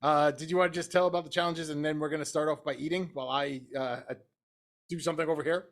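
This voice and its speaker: A man's voice: fairly high pitch, steady tone, fast talker, a bit bright. A middle-aged man co-hosting a casual podcast chat, telling rambling stories and laughing at himself. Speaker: podcast co-host.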